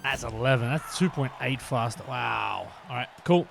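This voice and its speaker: A man streaming a motorbike game live, chatting excitedly to his viewers while he plays. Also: medium pitch, moderate pace, creaky, noisy background. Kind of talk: live-streamed gameplay chat.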